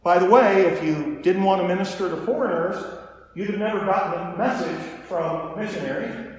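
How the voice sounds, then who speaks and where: High-voiced pastor in an echoey hall. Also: male voice, normal speed. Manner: animated storytelling with acted dialogue asides. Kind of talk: sermon. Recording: echoey hall, dull lo-fi sound.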